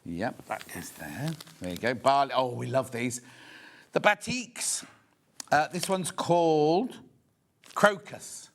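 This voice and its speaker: A man's voice: mid-range voice, expressive, slow pace, a little hiss or hum. A man in his sixties presenting a live shopping show, chatting and bantering with viewers while he shows products. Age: 60s.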